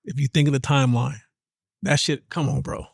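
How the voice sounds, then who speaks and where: A man co-hosting a podcast in casual chat. He is excited, laughs a lot, stumbles over his retellings, and swears. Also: medium pitch, fairly quick, vocal fry, slightly rough, no echo, clean studio sound. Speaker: podcast co-host.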